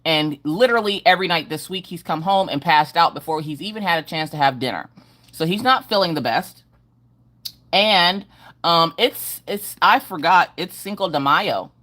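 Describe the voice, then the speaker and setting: A woman's voice: fairly low pitch, moderate pace, a bit bright. A middle-aged woman hosting a casual livestream from home, greeting viewers by name in a sing-song way. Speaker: livestream host.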